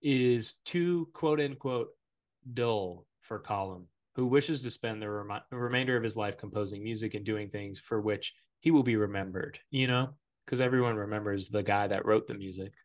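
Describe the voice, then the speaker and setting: A man's voice: fairly low pitch, moderate pace. A man hosting a podcast, recapping a movie plot in a casual, joking, rambling way full of filler words. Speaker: podcast host. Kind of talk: casual movie-review chat.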